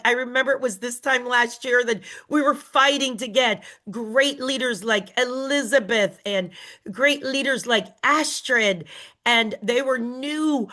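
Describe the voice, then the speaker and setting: Slow, bright-voiced woman team leader. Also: fairly high pitch. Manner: emphatic, emotional, slow and deliberate. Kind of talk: motivational talk.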